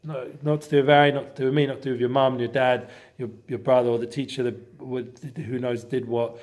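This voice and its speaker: A man giving a casual inspirational talk to a group, rambling with many fillers and breaking into sudden loud bursts. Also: mid-range voice, little pitch movement, fairly quick. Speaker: guest speaker.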